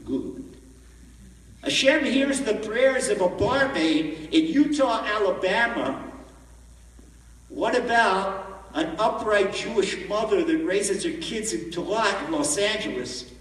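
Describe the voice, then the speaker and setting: A man giving an animated storytelling sermon as a rabbi at a conference, recorded from far off in a large echoey hall. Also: sits high, slow. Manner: animated, acts out the story in voices.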